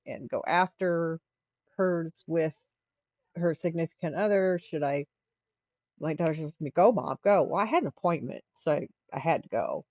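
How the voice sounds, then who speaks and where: A woman's voice: fairly low pitch, no echo. Rambling middle-aged woman, dry muffled audio. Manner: rambling storytelling with frequent restarts. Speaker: livestream host. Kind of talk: casual chat.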